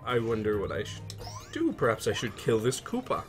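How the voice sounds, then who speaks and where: A man's voice: mid-range voice, wildly swooping pitch, a little fast, over music. Casual man playing a video game. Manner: casual, wry, thinking aloud while playing. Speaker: gamer. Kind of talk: let's play commentary.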